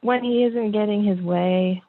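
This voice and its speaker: A woman's voice: mid-range voice, a little slow, dry recording. A woman calling in as a mother, talking hesitantly with fillers and laughing often. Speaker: caller, mother. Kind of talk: call-in conversation. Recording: tinny phone-like line.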